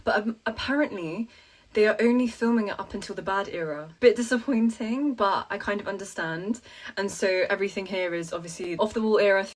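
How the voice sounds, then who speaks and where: A woman content creator gushing excitedly while reacting to a movie trailer. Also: mid-range voice, brisk.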